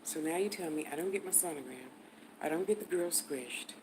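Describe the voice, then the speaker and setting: A woman putting on an older woman who goes hushed and breathy when furious, every word clipped and low. The voice sits a touch lower than average, with a faint hum of room behind it. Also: a little fast, close to an everyday voice. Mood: quietly angry. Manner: hushed, clipped, seething whisper. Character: older woman whispering in quiet anger.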